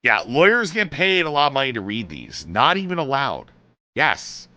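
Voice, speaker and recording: Bright-voiced male streamer, lively. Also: mid-range voice, moderate pace, dry recording, highs cut off. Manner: laughs easily, chatty asides. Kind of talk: casual livestream chat.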